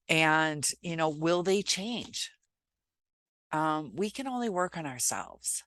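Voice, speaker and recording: A woman vlogger talking to camera in a reflective, halting way, pausing often as she gives relationship advice. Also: low-pitched, expressive, fairly bright tone, no echo. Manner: reflective, halting, many pauses and filler sounds. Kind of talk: casual advice talk to camera.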